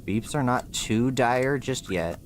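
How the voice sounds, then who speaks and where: A man's voice: mid-range voice, takes it slowly, slight background noise. A young man streaming a game, chatting casually in slang and thinking aloud as he plays. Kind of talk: casual gameplay commentary.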